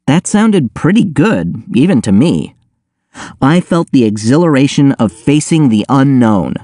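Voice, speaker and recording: A man narrating an audiobook in the first person with a wry, deadpan delivery. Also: mid-range voice, measured pace, no room sound, studio quality.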